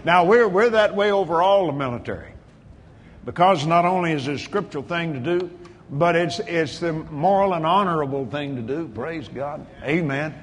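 A man's voice: a little high, moderate pace. An older man preaching to a congregation, fervent and exclamatory, calling out praises as he prays and talks. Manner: fervent, exclamatory, with frequent hallelujahs. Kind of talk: sermon. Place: large church hall with congregation. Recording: reverberant hall with crowd ambience.

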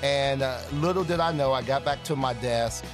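A man sharing a personal testimony in an earnest, animated way, acting out the dialogue he quotes. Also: medium pitch, moderate pace. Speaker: ministry partner giving a testimony. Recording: guitar music playing underneath. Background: soft guitar music.

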